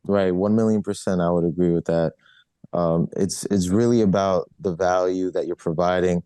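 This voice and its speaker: A man with a very deep, mellow voice talks easily as an interview guest, looping back with "you know" and restarting his sentences. The sound is close and dry. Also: normal speed, smooth, no room sound. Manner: relaxed, repeats "you know" and restarts often. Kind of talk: casual interview answers.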